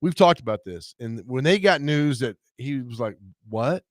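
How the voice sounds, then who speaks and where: A man co-hosting a sports radio show, excitable and firing off questions in casual chat. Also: medium pitch, dry recording, clean studio sound. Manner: excitable, quick questions, laughs loudly.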